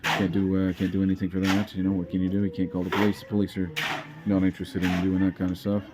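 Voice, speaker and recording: A man's voice: deep voice, completely flat delivery, quick pace. A man chatting casually as a vlogger, rambling and hesitant, with many fillers and repeated words.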